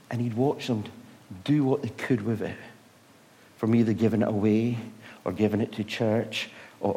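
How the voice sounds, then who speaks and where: Animated male preacher telling stories. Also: medium pitch. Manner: animated storytelling, rhetorical questions, swings from loud to hushed. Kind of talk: sermon.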